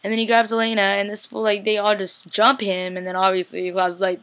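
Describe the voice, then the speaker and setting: A woman's voice: mid-range voice, little pitch movement, fast, hardly any pauses, a bit bright. A young woman casually recapping a TV episode, chatty and slangy, acting out the characters' lines. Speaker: TV recap vlogger.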